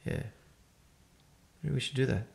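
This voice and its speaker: An Australian man hosting a casual podcast, telling stories excitedly with many restarts. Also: unhurried. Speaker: podcast host. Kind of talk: casual chat.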